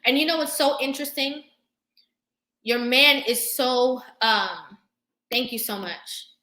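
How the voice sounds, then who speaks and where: A young woman hosts a live stream and lectures her viewers with fervent emphasis, stopping now and then to thank them for comments. Her voice is bright and a little high. The room around her echoes. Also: slow. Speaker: vlogger hosting a live stream. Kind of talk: impassioned live-stream talk. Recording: roomy echo.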